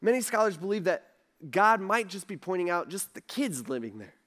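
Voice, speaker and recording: A man preaching a sermon in a conversational, animated way, acting out what others say. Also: sits high, brisk. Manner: animated, acts out quoted voices, conversational asides. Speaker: pastor.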